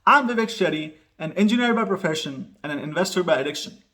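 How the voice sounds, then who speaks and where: A man hosts a casual investing talk, opening with a loud, upbeat jingle shout. His voice sits high, he's animated and talks fast, and he's chatty, full of fillers and "okay?" asides.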